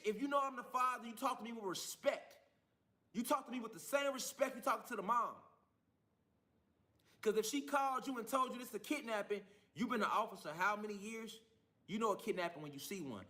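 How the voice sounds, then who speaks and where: A man's voice: sits high, sharp tone. A man telling his own story in an angry, profane, defiant monologue. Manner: heated, profane, defiant ranting.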